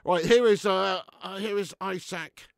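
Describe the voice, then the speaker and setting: Bright, gravelly fan host. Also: male voice, high-pitched, unhurried, dry recording, studio quality. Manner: swearing, ranting fan commentary; deflated, muttering between outbursts. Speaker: fan watch-along host. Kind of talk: live football watch-along commentary.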